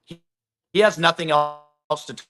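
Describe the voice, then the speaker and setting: A man's voice: fairly high pitch, fairly even intonation, normal speed. A congressman being interviewed remotely, making blunt, emphatic points. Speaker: congressman guest.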